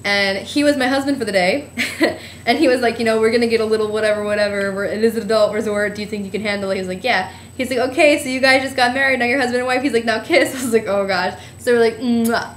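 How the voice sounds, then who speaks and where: A woman's voice: a little high, steady tone, fast, echoey room, slight background noise. A young woman from New Jersey telling a trip story in a giggly, rambling way, full of "like". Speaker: vlogger. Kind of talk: casual storytelling.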